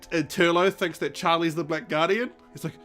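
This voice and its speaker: Excitable podcast host, higher voice. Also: male voice, fairly quick, faint music behind. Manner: enthusiastic, laughing, acts out quotes. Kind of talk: casual chat.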